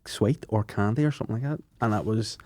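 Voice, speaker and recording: A man's voice: on the low side, quick pace, warm tone, no echo, studio quality. A man with a Northern Irish accent, a podcast guest trading crude, laughing banter in casual chat.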